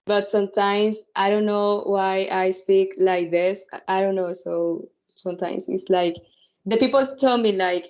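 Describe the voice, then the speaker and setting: A woman whose first language is Spanish, an English student who talks quickly and rambles with fillers. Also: mid-range voice, steady tone, dull audio.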